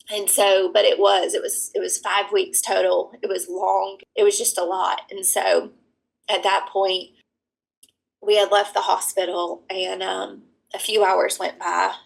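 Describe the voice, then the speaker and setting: Gravelly-voiced woman telling a personal story. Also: mid-range voice, low-quality recording. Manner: earnest, retells events with quoted dialogue. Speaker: guest, adoption consultant.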